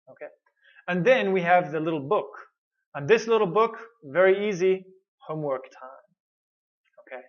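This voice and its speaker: High-voiced man teaching pronunciation, lo-fi. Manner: encouraging, repeats "okay" to check in. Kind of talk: online course lecture.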